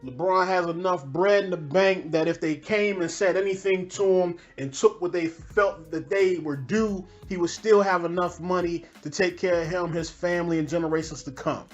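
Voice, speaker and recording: A man hosting a podcast, pausing clips to react in casual, slangy talk and pressing rhetorical questions again and again. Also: high voice, steady tone, muffled recording, soft background music. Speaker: podcast host.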